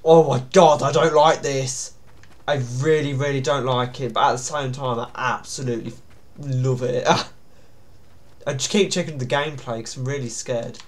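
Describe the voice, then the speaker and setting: A man's voice: mid-range voice, steady tone, normal speed. A man giving nervous, jumpy commentary on a horror game, with sudden startled yelps. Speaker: gaming YouTuber.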